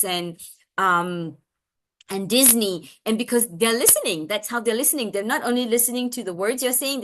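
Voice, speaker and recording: A woman speech therapist talks parents through a webinar at a mid-range pitch. She is chatty and keeps restarting her sentences with fillers, then slips into lively sing-song examples.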